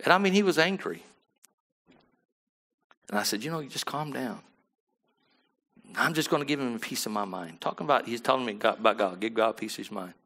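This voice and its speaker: Pastor guy preaching, bright tense voice, goes quiet then booms, keeps asking the room to agree. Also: animated, a little fast, pauses often. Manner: swings from low murmurs to loud emphatic bursts; asks the congregation for agreement. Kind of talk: sermon.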